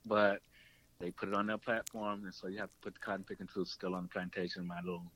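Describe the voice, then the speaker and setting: This documentary filmmaker, formerly a radio producer, relates a long story in an interview at a quick pace, animatedly imitating quoted people with sudden pitch shifts. The recording is low quality with slight background noise.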